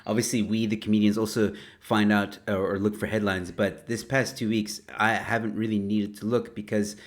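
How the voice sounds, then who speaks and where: A man's voice: fairly low pitch, little pitch movement, normal speed. A man hosting a comedy headline show, switching between upbeat announcer intros and loose, chatty asides. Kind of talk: casual comedic podcast hosting.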